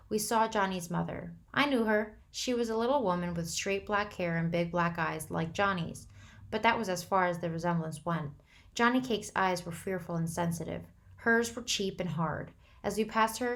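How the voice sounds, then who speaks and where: A woman reads a novel aloud to her students. Her narration is steady and unhurried, plain and attentive to the story. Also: mid-range voice, creaky. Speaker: teacher reading to a class.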